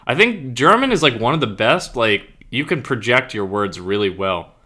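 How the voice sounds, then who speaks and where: Bright-voiced young man rambling casually. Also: medium pitch, animated, normal speed. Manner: rambling, filler-heavy, swears casually. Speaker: streamer. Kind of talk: casual chat with live chat. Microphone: own streaming mic.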